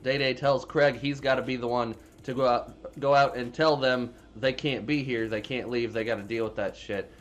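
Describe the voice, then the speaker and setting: A man recaps a film plot in a loose, rambling way, swearing freely and padding his lines with fillers. His voice sits at an ordinary middle pitch. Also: fairly even intonation, normal speed, hardly any pauses, highs cut off. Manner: rambling, profane, filler-heavy storytelling. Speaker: movie reviewer. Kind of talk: casual spoiler recap.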